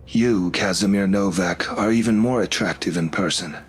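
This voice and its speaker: A man voicing a husky male devil with a vaguely threatening manner in a horror story reading. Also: low voice, normal speed. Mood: menacing.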